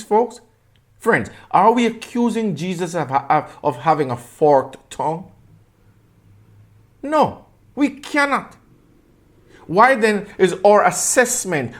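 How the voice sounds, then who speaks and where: A man preaching a sermon with passion, asking his listeners pointed rhetorical questions and repeating phrases for emphasis. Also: high-pitched.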